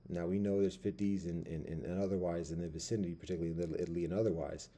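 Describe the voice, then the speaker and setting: A man with a deep, mellow, slightly husky voice rambles casually from his seat at home. He drifts between thoughts, circles back with fillers and restarts, and leans on street slang. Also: steady tone, rapid-fire. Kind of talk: casual monologue. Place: at home by a window.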